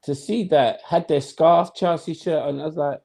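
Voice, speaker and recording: The speaker's voice is a little high, creaky and darkish, steady in tone and at normal speed. He's a former footballer guesting in an interview, telling stories in animated conversation with emphatic, slangy delivery, and he acts out his own thoughts.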